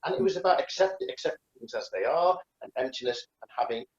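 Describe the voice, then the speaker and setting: Animated, rambling man chatting over a beer. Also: mid-range voice, fast, reverberant, lo-fi sound. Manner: animated, rambling, many restarts and fillers. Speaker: karate instructor. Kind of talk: casual chat over a beer.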